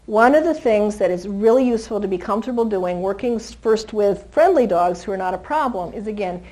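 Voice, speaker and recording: Lively woman dog trainer teaching a class. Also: medium pitch, a little fast, poor audio. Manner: animated, chatty, laughs easily, coos at dogs. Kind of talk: live teaching talk to an audience.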